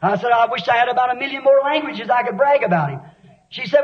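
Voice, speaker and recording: A man preaching a sermon with fervent intensity, often shouting and then dropping low for dramatic effect. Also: quick pace. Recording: dull lo-fi old sermon recording.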